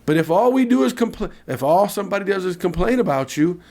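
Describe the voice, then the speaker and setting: A man with a fairly high voice tells a story on a casual podcast. He talks in an animated way, full of lively asides. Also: quick pace. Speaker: podcast co-host.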